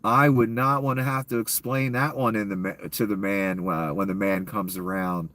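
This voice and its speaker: A man's voice: on the low side, steady tone, moderate pace, a bit bright. A man with a cold ranting sarcastically and profanely as a YouTube commentator, in a casual off-the-cuff style. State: ill, coughing.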